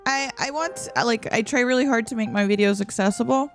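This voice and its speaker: A woman streamer with a hoarse, tired morning voice, chatting and giggling casually while she plays and reads her chat aloud. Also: on the high side, brisk. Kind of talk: casual gameplay livestream chat. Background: faint background music.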